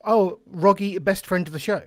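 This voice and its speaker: Wry podcast co-host, dry sound. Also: male voice, sits high, no echo. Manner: easygoing and wry, quick asides. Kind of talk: casual chat, reading listener questions.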